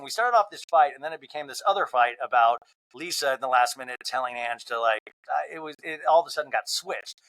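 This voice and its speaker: A man hosting a podcast, giving a comedic reality TV recap in an animated, profane, gossipy way. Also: mid-range voice, brisk, low-quality recording. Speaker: podcast host.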